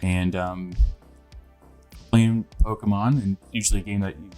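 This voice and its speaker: A man's voice: on the low side, fairly even intonation, measured pace, warm tone, faint music behind. A young man co-hosting a podcast, telling a story in a laid-back casual chat. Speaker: podcast co-host.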